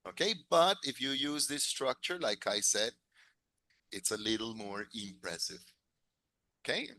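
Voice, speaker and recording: A man's voice: medium pitch, measured pace, sharp tone. A man teaching an English class, encouraging his students, drilling phrases and chuckling often.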